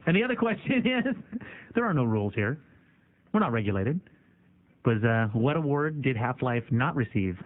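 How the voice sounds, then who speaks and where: A man hosting a call-in radio show, joking and teasing callers. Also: medium pitch. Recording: tinny phone-line radio audio.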